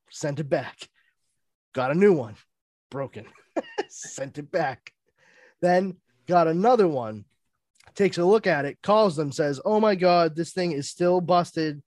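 Lively, cussing podcast storyteller man. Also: on the high side, takes it slowly, pauses often, no echo, studio quality. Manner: animated, profane storyteller. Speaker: podcast panelist.

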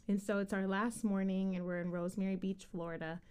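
A woman's voice: mid-range voice, quick pace, few pauses, dark tone, smooth. A woman hosting a faith podcast, asking questions and sharing stories in a chatty way. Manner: chatty, with frequent fillers and restarts. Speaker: podcast host. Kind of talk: casual faith podcast chat.

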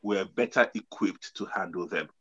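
A middle-aged father telling a family story in a casual talk, lively and giving advice. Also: low-pitched, moderate pace, breathy edge. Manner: lively and instructive. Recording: slightly dull lo-fi sound.

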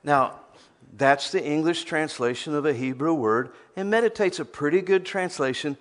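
A man's voice: fairly high pitch, moderate pace. A man preaching a sermon, emphatic, often repeating words as he starts a phrase.

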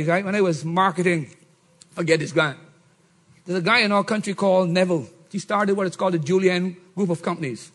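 A middle-aged man preaching a sermon, swinging from shouts to low murmurs. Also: fast talker. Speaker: pastor.

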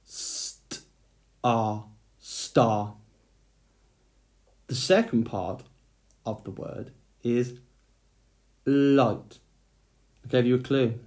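A man's voice: medium pitch, fairly even intonation, drawn-out words, long pauses, a little mellow. A man teaching a phonics lesson to young children, speaking patiently and sounding out letters one by one.

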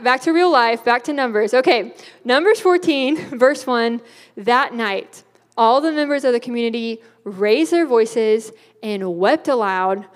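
A young woman giving a youth sermon in a bubbly, chatty way, laughing often. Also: a little high. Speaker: youth speaker. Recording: hall reverb.

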